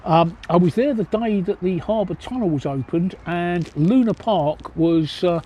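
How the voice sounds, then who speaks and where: A man's voice: high voice, unhurried, dark tone, slight background noise. An older man, a grandfather, chatting bluntly as he answers viewer questions on a live stream from his phone. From England. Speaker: livestreamer. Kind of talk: casual live Q&A chat. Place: outdoors at a pub in a city.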